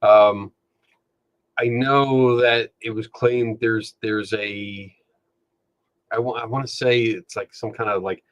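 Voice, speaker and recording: A man's voice: fairly low pitch, steady tone, slow, pauses often, no room sound. Casual rambling man with lo-fi sound. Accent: Philadelphia. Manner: rambling, many fillers and restarts. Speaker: podcast host. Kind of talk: casual chat. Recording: dull lo-fi sound.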